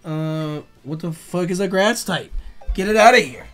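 Excitable young man, profane game commentary. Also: high voice, moderate pace, faint music behind. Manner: excitable, profane, talks back to the game's creatures. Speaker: let's play host. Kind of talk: casual gameplay commentary.

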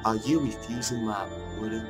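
A man doing a sinister doctor father, lowish voice, calm theatrical lines, game music under. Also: moderate pace, natural voice. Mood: cold. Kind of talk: voicing game dialogue.

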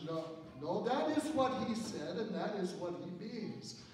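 A man with a fairly high voice preaches a sermon in a chatty, storytelling manner and pokes fun at himself. He is picked up from a distance, and his voice rolls around a long, echoing church hall with a faint hiss underneath. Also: expressive, unhurried, few pauses, a little mellow. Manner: conversational storytelling with self-deprecating humor. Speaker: pastor. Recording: echoey church hall from far off.

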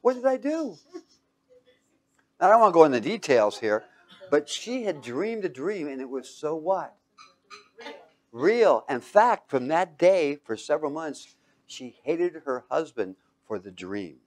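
A man giving a motivational talk to a live audience. He talks emphatically, swings from loud to hushed, and keeps quizzing listeners with fill-in questions. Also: on the high side, animated, normal speed. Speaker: speaker teaching a live audience.

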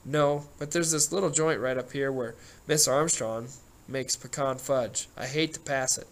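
A man reading a gruff, middle-aged sheriff who spins long folksy yarns at an ordinary pitch. He rambles and growls his way through the telling, like a storybook lawman who loves to talk. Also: a little slow, close to an everyday voice. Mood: folksy storytelling.

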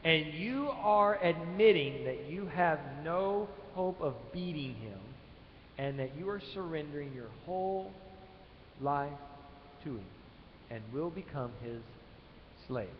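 A man preaching a sermon, swinging from loud emphatic lines to quiet ones, in a church sanctuary. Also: a little high, animated, slow pace, slight background noise. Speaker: pastor. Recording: echoey church hall, dull live stream.

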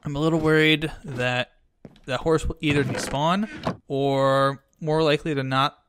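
A young man giving Minecraft let's play commentary, frantic and excitable, rambling fast when thrilled. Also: fairly high pitch, background noise. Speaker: gaming video host.

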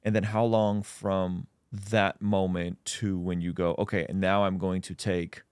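A man's voice: low voice, little pitch movement, a little slow, a little mellow, clean tone, dry recording. A man hosting an interview, attentive and asking follow-up questions between affirming murmurs. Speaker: interview host. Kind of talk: casual interview.

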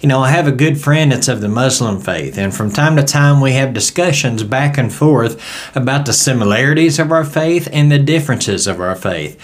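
A man's voice: mid-range voice, lively intonation, moderate pace. A man with a Southern US accent leading a verse-by-verse Bible study in a folksy, conversational storytelling way.

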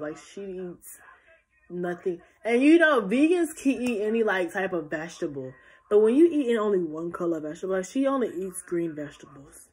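Sleepy teen girl rambling into her phone, kinda low voice, lots of restarts. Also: husky. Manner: chatty, rambling, many restarts. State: tired and yawning. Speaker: vlogger. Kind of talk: casual Q&A vlog.

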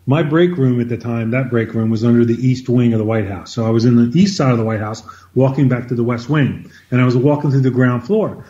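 A man as an interview guest, telling an anecdote in an animated conversational way, often repeating words as he starts a sentence. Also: medium pitch, a little fast, hardly any pauses, muffled recording. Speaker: interview guest, former White House officer. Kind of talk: conversational storytelling.

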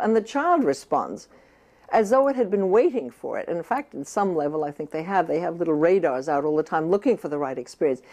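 An older woman from the United States, a therapist and author, answering interview questions in a thoughtful, halting way with many restarts. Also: mid-range voice, darkish tone.

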